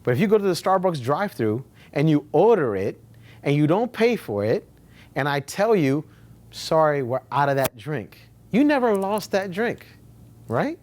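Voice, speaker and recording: A man telling his own business story at a meetup in a casual, animated way, casually swearing and repeating himself for emphasis. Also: on the high side, normal speed. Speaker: real estate agent sharing his story.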